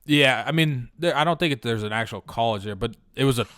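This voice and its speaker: A man's voice: mid-range voice, quick pace, fairly bright tone, clear, resonant tone, dry recording, clean studio sound. A young man hosting a podcast, telling a long profane story in a loose, rambling way with lots of filler words. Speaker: podcast host. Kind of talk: casual storytelling.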